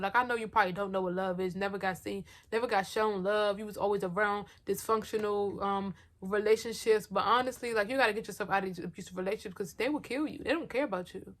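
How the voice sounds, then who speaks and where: A young woman telling a personal story to her viewers in a casual, slangy, animated storytime style, talking straight to the camera at home. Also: mid-range voice. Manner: animated, talks fast, heavy slang, addresses viewers directly. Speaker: vlogger.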